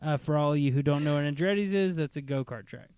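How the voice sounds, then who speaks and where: Podcast host, male, casual rambling storyteller who slips into character voices; voice sits a little high and sounds smooth and clear. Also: darkish tone, dry recording. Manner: rambling, acts out characters in quick bursts. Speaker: podcast host pitching movie ideas.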